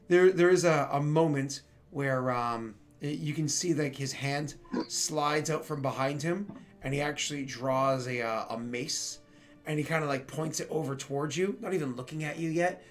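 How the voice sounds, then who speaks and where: A man narrating a tabletop role-playing game as game master, casual and full of fillers and restarts. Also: on the high side. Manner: rambling with many fillers.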